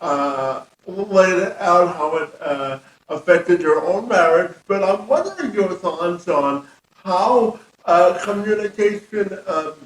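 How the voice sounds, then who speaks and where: A man's voice: sits high, lively intonation, takes it slowly, far from the mic. A man hosting an interview podcast, who asks long questions full of "uh" and "um". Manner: rambling questions with many fillers. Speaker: podcast host. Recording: echoey room, off mic.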